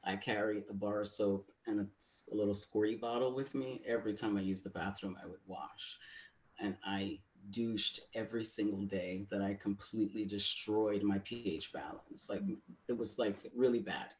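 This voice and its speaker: Deep-ish guy on a webinar, just telling it straight, lots of ums. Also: steady tone, normal speed. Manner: frank, confiding, with frequent fillers. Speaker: webinar co-host. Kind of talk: candid personal storytelling.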